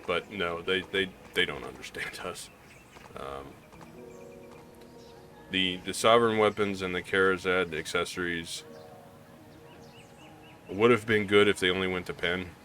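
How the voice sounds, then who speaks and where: A man's voice: deep voice, a little slow, long pauses, sharp tone, soft background music. A man from Missouri with a slight Southern drawl, talking candidly in a rambling gaming vlog, with many restarts. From Missouri, US Midwest. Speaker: gaming YouTuber. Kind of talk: casual gaming vlog commentary.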